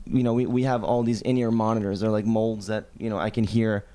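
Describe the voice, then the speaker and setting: A man's voice: on the low side, flat delivery, brisk, warm tone. A man, a touring musician guest, chatting casually on a podcast, rambling and laughing mid-sentence.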